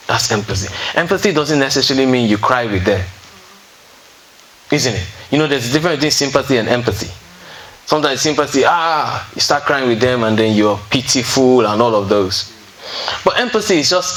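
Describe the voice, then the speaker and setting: A man's voice: mid-range voice, animated, fairly quick, fairly bright tone, a little hiss or hum, poor audio. A man giving a relationship talk to a seated audience in a room. He keeps it conversational, checks in with his listeners often and tells stories from counseling sessions. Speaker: relationship speaker at a singles fellowship. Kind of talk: teaching talk to a live audience.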